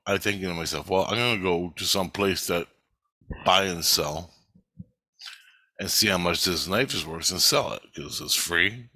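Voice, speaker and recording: A man telling a dream in casual, profane storytelling, swearing constantly and getting animated as he retells it. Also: fairly low pitch, no echo.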